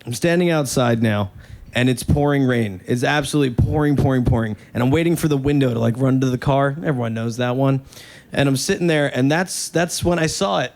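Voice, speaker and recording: A New York man tells a rambling, profane, self-mocking story as a stand-up comedian. His mid-range voice has a darkish tone, and his casual delivery is full of "like" fillers.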